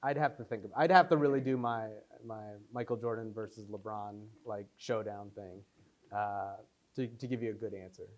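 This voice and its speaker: A young filmmaker at a casual post-screening Q&A tells rambling, animated stories laced with fillers. His voice sits on the low side, and he speaks at a moderate pace.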